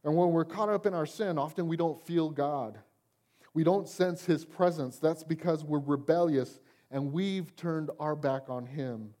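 The pastor's warm voice sits on the high side, and he takes his time. He preaches conversationally in a church sanctuary, often asking the people there "Amen?"

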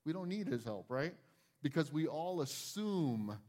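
A male pastor delivering a sermon in a church, speaking in a loose, conversational way. His voice sits a little high for a man and moves up and down a lot. He keeps acting out small scenes as he talks. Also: big pitch swings, a little slow, a little mellow.

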